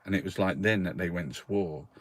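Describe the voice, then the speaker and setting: A man's voice: sits low, brisk. A man hosting a casual newspaper review, rambling and swearing freely, with frequent laughs. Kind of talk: casual chat.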